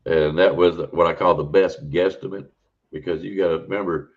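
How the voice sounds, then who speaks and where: A man's voice: low-pitched, fairly even intonation, moderate pace. A man, a podcast guest telling a rambling, folksy encounter story in a casual way. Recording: dull lo-fi audio.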